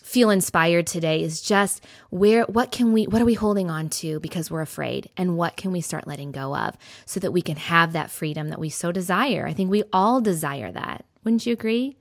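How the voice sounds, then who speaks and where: A woman's voice: lowish voice, normal speed, creaky, few pauses, dry recording, studio quality. A woman hosting a podcast interview, speaking in an encouraging, reflective way. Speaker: podcast host. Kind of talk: casual interview chat.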